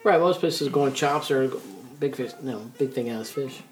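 A man's voice: mid-range voice, normal speed, roomy sound, distant mic. A man co-hosting a podcast, jumping in with laughing, easygoing banter. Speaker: podcast co-host. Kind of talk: casual banter.

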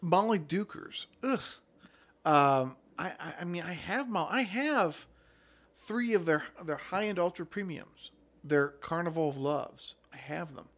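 A man's voice: fairly high pitch, expressive, a little slow, fairly bright tone. Blunt, opinionated man talking wine. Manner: opinionated, blunt, swears freely. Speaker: podcast host. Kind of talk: casual chat about wine.

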